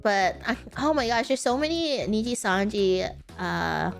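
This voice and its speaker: A woman's voice: medium pitch, expressive, a little slow, vocal fry, faint music behind. A woman chatting casually as a streamer, rambling with lots of fillers and restarts, giggling often and apologizing for mispronouncing names. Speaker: streamer answering viewer questions. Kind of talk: casual chat.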